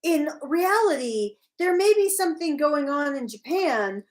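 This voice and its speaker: A woman co-hosting a casual livestream chat, animated and teasing. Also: high voice, unhurried. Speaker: livestream co-host.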